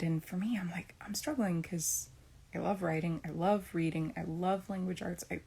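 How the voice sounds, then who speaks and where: A woman's voice: lowish voice, fairly quick, gravelly, darkish tone, breathy edge. A middle-aged woman talking casually about her homeschooling day and faith, rambling with restarts and frequent "right?" check-ins. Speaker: homeschooling mom sharing a faith reflection. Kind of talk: casual personal talk.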